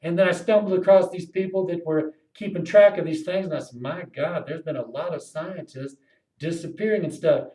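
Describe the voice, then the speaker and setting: A high-voiced man talks straight to camera in a long, rambling monologue. He curses freely and lurches between loud outbursts and low, muttered asides. His voice rings around an echoey room. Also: moderate pace. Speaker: video blogger.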